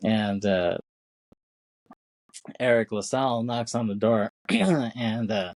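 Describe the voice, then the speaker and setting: A man's voice: fairly low pitch, animated, takes it slowly, darkish tone, dry recording. A man co-hosting a podcast, retelling a film's scenes in a rambling casual way, with many fillers and acted-out quotes. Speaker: podcast co-host. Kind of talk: casual film recap chat.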